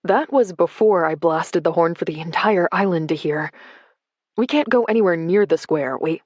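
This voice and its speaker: Woman reading a laid-back young man who teases and loves his car; low, dry. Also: normal speed, a little mellow, dry recording, muffled recording, natural voice. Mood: anxious. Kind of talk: audiobook character dialogue.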